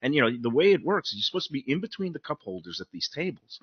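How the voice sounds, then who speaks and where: A man with a Brooklyn accent hosting a show, telling stories in a casual, animated, mouthy way. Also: on the high side, fast talker, breathy edge, dry recording. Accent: Brooklyn New York. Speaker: host. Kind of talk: casual chat. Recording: dull lo-fi sound, dry.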